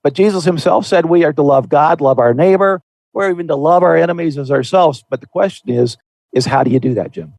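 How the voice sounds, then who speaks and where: Man, podcast host, earnest folksy explaining, fairly high voice, dry close mic. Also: brisk, creaky, a little mellow, dry recording. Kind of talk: conversational Christian podcast discussion.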